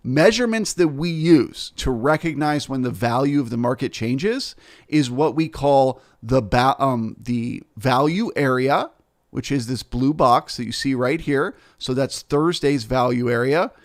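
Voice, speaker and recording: A man's voice: mid-range voice, measured pace. Man explaining with rhetorical questions. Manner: rhetorical questions with frequent "right?" and "okay?" check-ins. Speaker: futures trader and trading educator. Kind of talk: explanatory market lesson.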